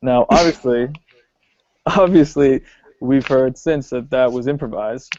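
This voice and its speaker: A man co-hosting a podcast, talking casually about films with many pauses and ums. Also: mid-range voice, slight background noise. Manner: relaxed, hesitant with many ums. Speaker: podcast co-host. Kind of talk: casual film discussion. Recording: dull lo-fi podcast audio.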